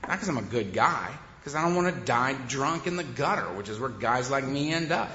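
A man's voice: mid-range voice, animated, a little fast, bright, forceful tone, a little hiss or hum. Wry man telling stories in an echoey hall. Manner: conversational, wry, often laughing. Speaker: speaker at a recovery meeting. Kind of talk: humorous personal storytelling. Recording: echoey hall, dull sound.

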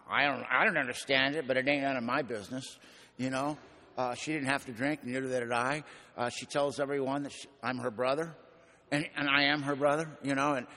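A man's voice: medium pitch, sharp tone. An older man telling his own story at a recovery meeting, in a folksy, colloquial and earnest way. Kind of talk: personal storytelling testimony. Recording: long hall reverb.

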